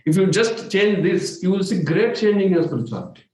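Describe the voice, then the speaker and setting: A man with an Indian accent giving a spiritual workshop talk as a meditation coach, animated and playful, with sudden exclamations and mimicry. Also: sits high, brisk. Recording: echoey room.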